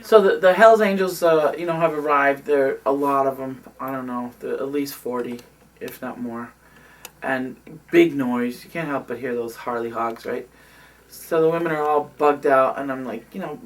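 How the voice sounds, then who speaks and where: Woman around 60, oral history interviewee, animated, filler-heavy storyteller, lowish voice, slightly distant mic. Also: moderate pace.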